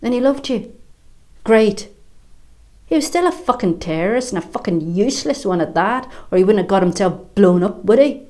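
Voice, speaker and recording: Stage monologue: an actress as a hard-edged middle-aged Irish mother, bitter and foul-mouthed, with a lowish voice and a mocking bite. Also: lively intonation, moderate pace, long pauses, lightly acted. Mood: bitter, grieving. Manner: sharp-tongued, swearing, mocking storytelling.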